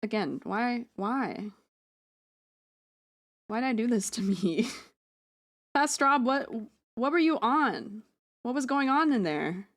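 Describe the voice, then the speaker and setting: A woman's voice: on the high side, lively intonation, takes it slowly, pauses often. A woman streamer talks loosely into a close microphone at home. She rambles, makes jokes at her own expense and swears freely. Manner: rambling, self-deprecating, swears freely, jokey asides. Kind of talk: casual live-stream chat while drawing. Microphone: close streaming mic.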